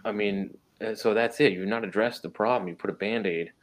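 A man with a fairly low voice talks through a faith topic in a casual, earnest way. He often repeats and restarts his phrases and presses his points with rhetorical questions. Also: fairly quick.

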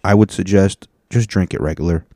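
A comedian talking casually to camera, rambling and joking with plenty of swearing. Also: male voice, deep voice, fairly quick, mellow, dry recording, studio quality. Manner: profane, rambling, jokey.

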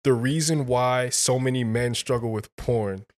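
A man with a mid-range voice tells a story on a podcast. He speaks in a slangy, animated way, leaning on casual filler. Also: medium pitch, measured pace. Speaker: podcast guest. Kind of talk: casual conversation.

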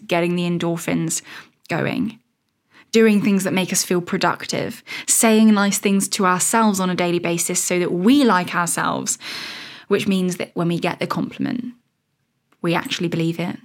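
A woman's voice: lowish voice, fairly even intonation, measured pace. A woman in her thirties hosting a casual solo podcast, chatty and rambling, laughing at her own tangents. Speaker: podcast host.

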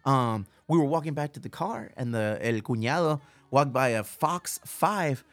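A man's voice: medium pitch, normal speed, dry recording. A man hosting a podcast, bantering loosely and dropping Spanish slang. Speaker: podcast host. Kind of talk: casual podcast chat.

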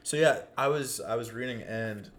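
Young man, podcast co-host, casual chat, laid-back, dry jokes, halting with fillers. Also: medium pitch.

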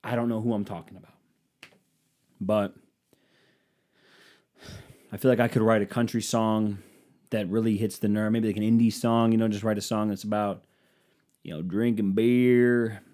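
A man's voice: on the low side, steady tone, normal speed, long pauses, dark tone. A man hosting a podcast, delivering a rambling, sarcastic comedic monologue with casual swearing. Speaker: podcast host.

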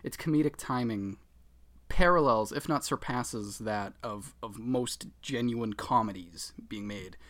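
A man's voice: medium pitch, a little slow, fairly bright tone. A man co-hosting a casual podcast chat, sarcastic and swearing, often breaking into laughter. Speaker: podcast co-host.

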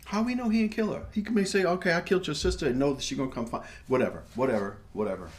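A man co-hosting a podcast, recapping a TV episode in casual chat, emphatic and animated as he talks over his partner. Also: on the high side, rapid-fire. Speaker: podcast co-host.

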